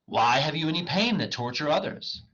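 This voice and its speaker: A proud scholar bargaining away his soul, declaimed with emphasis by a man reading the play aloud. The voice is husky and bright, strained to the point of cracking. The recording sounds dull and lo-fi. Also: a little high, expressive, moderate pace, voice pushed up. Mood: declaiming.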